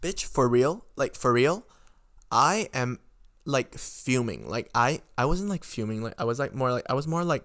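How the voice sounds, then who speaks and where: A young man, a student, telling a storytime rant to his own camera, swearing a lot and rambling with fillers in a frustrated, animated way. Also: medium pitch, moderate pace, no echo, clean studio sound. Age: young adult. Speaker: podcast host. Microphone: own camera recording.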